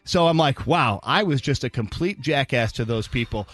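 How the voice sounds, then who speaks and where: A man's voice: a little high, brisk, hardly any pauses, a bit bright, dry recording. A man hosting a radio morning show, telling a story in casual on-air chat and acting out both sides of the dialogue. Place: radio studio.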